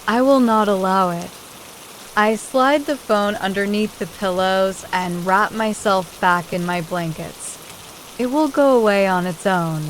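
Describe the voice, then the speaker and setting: A woman reading a first-person audiobook in a slow, measured, even way. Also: medium pitch, a little hiss or hum, rough recording. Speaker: audiobook narrator. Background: soft rain sound.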